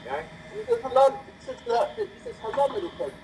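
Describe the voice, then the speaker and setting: A speaker casually improvising a fan story with a friend, animated and often checking in with "right?". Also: fast talker, gravelly, slight background noise, low-quality recording. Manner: animated, pitch jumping high when voicing characters, frequent "right?".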